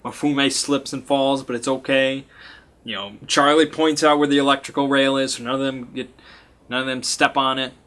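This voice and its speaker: Acting as game master, a man chattily recaps a tabletop game session, acting out sound effects and lines and laughing along the way. His mid-range voice is a bit bright, with a steady tone and moderate pace.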